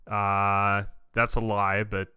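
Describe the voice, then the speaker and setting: Brief: male reaction host, bright clear voice, unhurried, dry close mic. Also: lowish voice, little pitch movement, no echo. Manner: thinks aloud with many restarts, easygoing. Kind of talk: casual reaction commentary.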